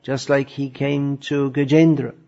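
A man teaching a lecture on scripture, thoughtful and pausing often with fillers, on a dull lo-fi recording. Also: medium pitch, level tone, creaky, warm tone. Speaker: religious teacher.

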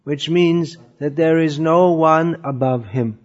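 A man teaching a lecture on scripture, thoughtful and pausing often with fillers, on a dull lo-fi recording. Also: fairly high pitch. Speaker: religious teacher.

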